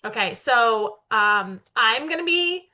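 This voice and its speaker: Chatty woman in her 30s, podcast co-host, bright and forceful delivery. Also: fairly high pitch, animated, slow pace. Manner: chatty, self-described loud talker. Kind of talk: casual chat.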